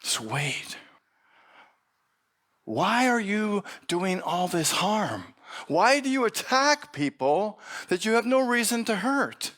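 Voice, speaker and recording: A calm, wise monk teacher , as a preacher puts him on in a parable. He speaks gently and earnestly, at an unhurried, measured pace, in a storytelling sermon. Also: high voice, pitched above the performer's own voice, heavily acted.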